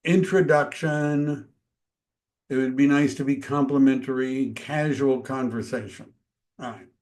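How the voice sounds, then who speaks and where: A man teaching a real estate training, talking casually and acting out quick dialogues with homeowners. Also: mid-range voice, steady tone, darkish tone. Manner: conversational, acts out dialogues. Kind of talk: training talk.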